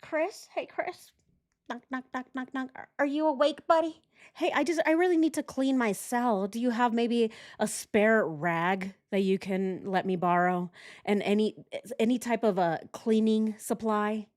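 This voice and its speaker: A woman putting on a wheedling high male inmate. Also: unhurried. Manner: wheedling, sing-song, high. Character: sheepish male prison inmate begging a favor.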